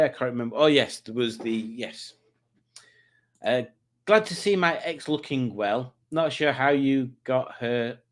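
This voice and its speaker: This is a man at a middle pitch, hosting a relaxed stream from home. He reads viewer comments aloud, jokes about them and rambles between answers in a casual, chatty way. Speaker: livestream host.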